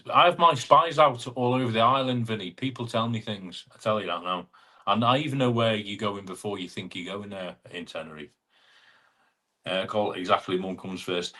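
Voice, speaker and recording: A man's voice: on the low side, sharp tone. Chatty man hosting a live stream. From England (Chester). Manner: chatty, teasing banter with viewers by name. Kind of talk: casual live-stream chat reading out viewer comments.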